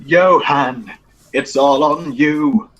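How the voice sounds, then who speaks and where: A man's voice: medium pitch, drawn-out words, fairly bright tone, muffled recording. A young man playing in a tabletop game, talking hesitantly with stammers and dry jokes. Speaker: player. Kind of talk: casual group role-play chat.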